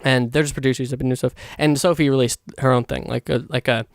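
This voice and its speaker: A young man hosting a solo podcast, rambling excitedly in a casual monologue and swearing a lot. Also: medium pitch, fast talker, creaky, no room sound, clean studio sound. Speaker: podcast host.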